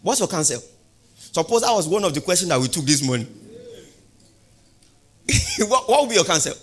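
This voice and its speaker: Male pastor, sermon delivery, slightly high voice, call-and-response, emphatic crescendos. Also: big pitch swings, husky. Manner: call-and-response preaching, rising to loud emphatic peaks; repeats questions to the congregation, drawn-out emphasis.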